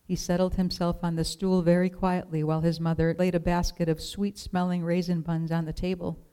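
A woman reading a children's storybook aloud in a gentle, measured way. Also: lowish voice, flat delivery, clear, resonant tone, poor audio.

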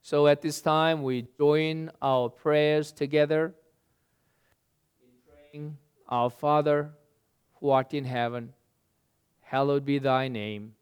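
A man leading a group in prayer, reciting slowly and solemnly. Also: on the high side, steady tone, clean tone. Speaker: prayer leader.

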